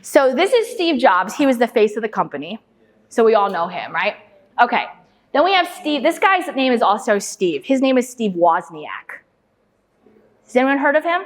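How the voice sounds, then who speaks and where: A woman with a fairly high voice gives a lively lecture, firing questions at the audience and echoing their answers back. She spins anecdotes and keeps checking in with them as she goes. Her voice carries a long reverb from a large hall. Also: moderate pace. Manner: lively anecdotal storyteller with frequent "right?" and "okay?". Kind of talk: interactive lecture with storytelling.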